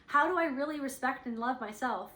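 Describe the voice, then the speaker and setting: A woman's voice: sits high, brisk, reverberant, heavy background noise. A woman giving a rambling, earnest spiritual reading, casually swearing and acting out inner thoughts in quoted voices. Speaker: intuitive spiritual reader.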